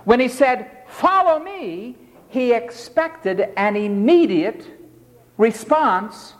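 Slow, animated preacher in a reverberant hall. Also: male voice, very high voice. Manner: emphatic, dramatic, mimics pleading tones. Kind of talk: sermon.

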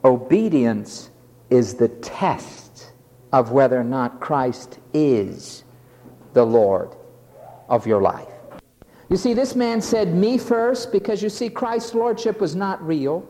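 Animated high-voiced male preacher, echoing hall. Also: slow pace. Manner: emphatic, dramatic preaching that acts out quoted voices. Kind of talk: sermon.

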